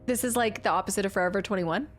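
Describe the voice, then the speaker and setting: A woman's voice: mid-range voice, racing. A woman streaming a video game, chatting playfully and silly with her viewers while she plays. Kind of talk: casual live-stream commentary. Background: game music.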